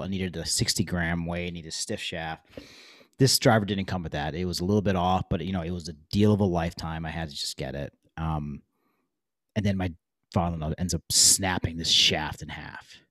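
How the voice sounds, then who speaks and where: A man in his forties tells a story with animated, chatty energy. His voice sits low. The sound is close and dry, with no room around it. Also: no room sound. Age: 40s. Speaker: podcast guest. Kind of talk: casual storytelling.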